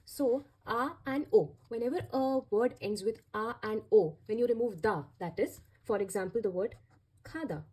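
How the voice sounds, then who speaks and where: A woman giving a language lesson in a warm, mellow voice with a breathy edge. She explains patiently and spells out every step, repeating key words so learners can follow. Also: fairly high pitch, moderate pace. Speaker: Korean language teacher.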